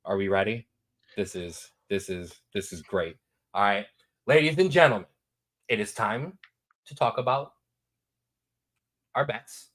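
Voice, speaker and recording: A man hosting a sports talk show, giving his betting picks in a lively, repetitive, hyped-up way. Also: lowish voice, a little slow, long pauses. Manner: animated, repetitive, hypes picks.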